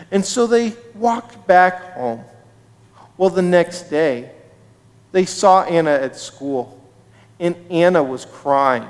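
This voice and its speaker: Service leader narrating a kids' story: lively, high, unhurried, in a reverberant hall. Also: male voice. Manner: expressive, slow storytelling to children. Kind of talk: children's story at a synagogue service. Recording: reverberant sanctuary livestream.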